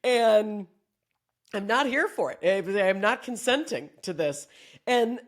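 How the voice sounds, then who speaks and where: Woman comedian doing a swear-y pep talk, animated and jokey, mid pitch. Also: slow. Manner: profane, joking, animated. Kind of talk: casual motivational monologue.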